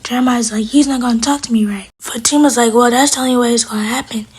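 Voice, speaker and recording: Female recap vlogger, airy and breathy, a bit high, talks through each scene casually. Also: fairly even intonation, fast. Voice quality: breathy, half-whispered delivery. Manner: retells scenes through paraphrased quotes.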